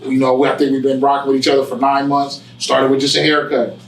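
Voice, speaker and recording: Animated preachy man in a roomy barbershop. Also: medium pitch, fast talker, recorded from a distance, a little hiss or hum. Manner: preachy, animated storytelling with street slang. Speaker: guest, barbershop owner. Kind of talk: casual interview talk.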